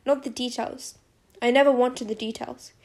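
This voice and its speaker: Woman doing a tender middle-aged dad, hushed, with a gravelly edge and little lilt. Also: a little high, steady tone, moderate pace, close to an everyday voice. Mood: sad, gentle. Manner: soft, quiet and tender. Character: gentle, caring middle-aged father. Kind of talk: audiobook character voice.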